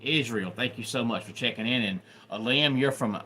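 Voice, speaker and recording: A man from the Deep South with a Southern accent, hosting a casual live stream, chatting about college football and greeting viewers by name. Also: normal speed, pushed and bright, slight background noise. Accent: Southern American. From Deep South, USA. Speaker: livestream host.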